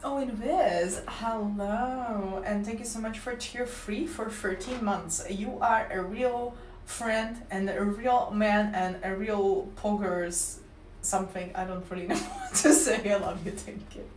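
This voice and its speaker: A woman's voice: medium pitch, steady tone, a little slow, slight background noise. A young woman with a Slavic accent, livestreaming and chatting playfully with viewers. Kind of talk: casual chat with live chat. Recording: roomy sound from a distant mic.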